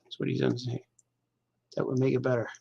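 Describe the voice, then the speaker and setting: A man's voice: mid-range voice, completely flat delivery, fast, gravelly, dark tone, husky, no echo, highs cut off. A middle-aged man hosting a casual show as a cartoonist, rambling and joking loosely, half talking to himself while he draws. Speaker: cartoonist and podcast host.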